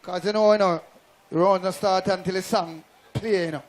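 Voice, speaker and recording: A man with a Jamaican accent announcing the rules of a sound clash and shouting hype to the crowd. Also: high voice, fairly even intonation, moderate pace.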